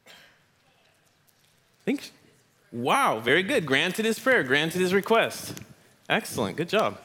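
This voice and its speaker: A man's voice: sits high, very animated, takes it slowly, bright, forceful tone. A man leading a family Bible lesson in church, praising and joking with the children. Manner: encouraging, playful with kids. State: out of breath. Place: church hall with audience.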